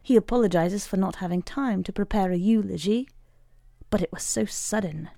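A woman reading a short story aloud in a wry, measured way. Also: mid-range voice, gravelly, dark tone, no echo, clean studio sound. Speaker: reader.

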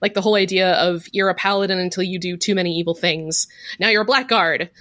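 A young adult woman co-hosting a podcast, chatting casually, blunt and animated, swearing freely. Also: on the low side, fast talker, dry recording. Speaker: podcast co-host.

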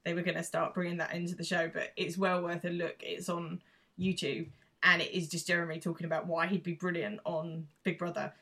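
Casual podcast co-host, lower-pitched woman, chatty recap delivery. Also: fairly quick. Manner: chatty, relaxed, with filler ums. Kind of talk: casual chat recapping a TV episode.

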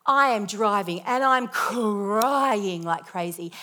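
A young woman telling a lively personal testimony with self-deprecating humor as part of a sermon. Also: medium pitch, slow.

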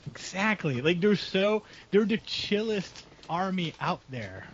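Excitable man in casual hobby chat. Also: high voice, takes it slowly, slightly rough. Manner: enthusiastic, self-deprecating, rambling. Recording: dull lo-fi recording.

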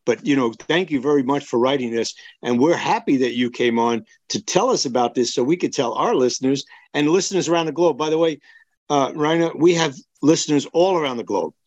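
A man's voice: mid-range voice, a little fast, a little mellow, dry recording, muffled recording. A man hosting a podcast interview, blunt and opinionated, rambling a little as he talks. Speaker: podcast host.

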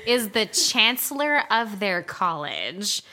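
A woman co-hosting a podcast in casual chat, swearing freely and joking in an animated way. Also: medium pitch, slow pace. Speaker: podcast co-host.

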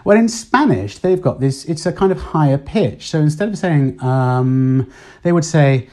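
Mellow-voiced man, chatty podcaster. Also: on the high side, lively intonation, unhurried. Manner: chatty, thinks aloud with many ums and uhs. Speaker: podcast host. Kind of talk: casual solo podcast talk. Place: Spain.

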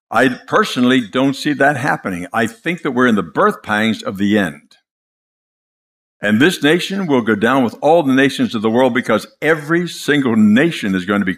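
An older man preaching a sermon, impassioned and dramatic, telling stories with pauses for effect. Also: medium pitch, a bit bright.

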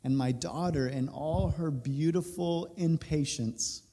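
A man in his thirties, a pastor, telling a personal story during a sermon, animated and laughing through it. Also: on the high side, takes it slowly, breathy edge. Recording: reverberant hall.

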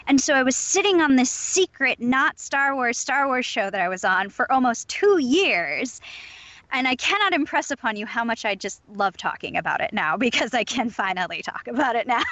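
A woman's voice: a little high, sing-song, normal speed, a bit bright, no echo. A young woman from Southern California with a Valley Girl accent, a voice actress chatting in an interview, bubbly and upbeat with lots of fillers. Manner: bubbly, upbeat, laughs often, many fillers. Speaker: voice actress guest. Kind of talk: casual interview talk.

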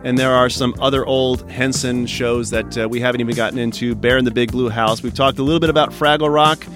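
A man's voice: medium pitch, steady tone, brisk, music in the background. Chatty, upbeat podcast host man. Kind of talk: casual podcast chat.

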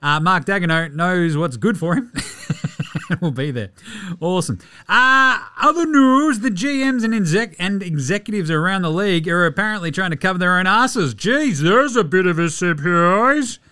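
An Australian man with a high, bright, forceful voice hosts a casual sports news podcast, his lively intonation and moderate pace staying smooth as he delivers sarcastic, profane rants mocking the people he discusses.

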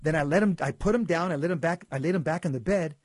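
Earnest man with a high voice. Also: fast, dry recording, studio quality. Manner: earnest storytelling with repeats and stumbles. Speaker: guest. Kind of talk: personal testimony in conversation.

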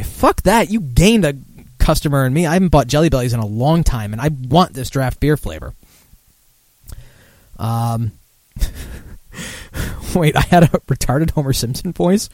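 A man's voice: mid-range voice, animated, normal speed, pauses often, darkish tone, no echo. A man hosting a casual drinking podcast, rambling and sardonic with lots of profanity. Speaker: podcast host.

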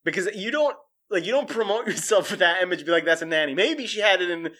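A man giving casual commentary, rambling and profane, animated as he tells the story. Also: high voice, quick pace.

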